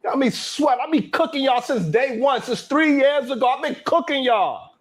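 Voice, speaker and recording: A man hosting his own live stream show, boasting and trash-talking the haters in a loud, hyped rant full of cursing. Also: very high voice, expressive, normal speed. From Brownsville, Brooklyn.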